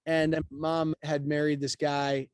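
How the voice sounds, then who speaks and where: A man's voice: on the high side, level tone, takes it slowly, smooth, dry recording. A man being interviewed as a guest, telling his story casually and acting out the quotes of people in it. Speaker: guest, real estate broker.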